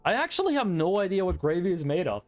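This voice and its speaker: A man's voice: high voice, sing-song, fast talker, soft background music. A man from Norway, chatting casually with his stream chat in a playful, rambling, teasing way.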